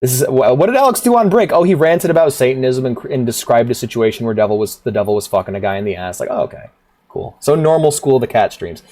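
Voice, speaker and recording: A man's voice: mid-range voice, fast. Rambling, profane male streamer. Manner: rambling, profane, laughs often, animated swings. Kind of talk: casual livestream chat.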